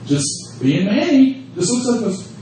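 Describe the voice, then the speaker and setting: A man's voice: extremely high pitch, moderate pace, recorded from a distance, slight background noise. Man telling stories in an echoey room. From United States. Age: 30s. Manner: profane, lively storyteller who laughs often. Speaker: wrestling promotion creative head on a fan panel. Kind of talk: storytelling at a fan Q&A panel. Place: convention room at a fan event. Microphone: phone held in the audience. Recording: echoey room, phone recording from the audience.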